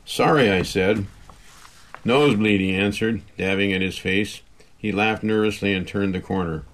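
Low-voiced man reading a wry first-person story. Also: flat delivery, moderate pace, a bit bright. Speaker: audiobook narrator. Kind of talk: first-person scripted narration.

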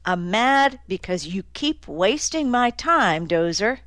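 A woman's voice: medium pitch, very animated, takes it slowly, fairly bright tone, dry recording. A woman voicing a hard-edged male detective who is sardonic and cutting, in an audiobook. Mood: angry. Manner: dry, cutting, needling. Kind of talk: audiobook character voice.

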